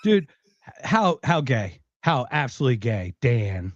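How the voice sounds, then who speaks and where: A man's voice: medium pitch, big pitch swings, unhurried, no echo, lo-fi sound. A man co-hosting a podcast, reacting to clips with heated, mocking, profane commentary. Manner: heated, mocking, swears constantly. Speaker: podcast co-host.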